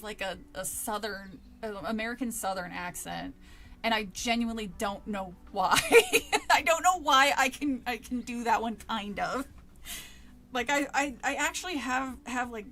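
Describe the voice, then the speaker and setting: A woman's voice: a little high, fairly bright tone. Giggly woman streamer reading aloud. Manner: giggly, chatty, self-interrupting. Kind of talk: casual read-along with chat.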